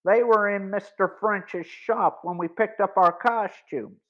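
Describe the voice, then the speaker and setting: A man voicing a quick-thinking teenage boy detective giving terse orders in an audiobook. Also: high voice, dull audio. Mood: hushed.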